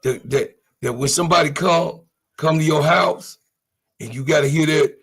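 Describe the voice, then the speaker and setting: A man with a Chicago accent hosting a casual livestream, talking loosely and shouting out his viewers. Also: a little high, normal speed, breathy edge. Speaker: livestream host. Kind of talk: casual live-stream chat.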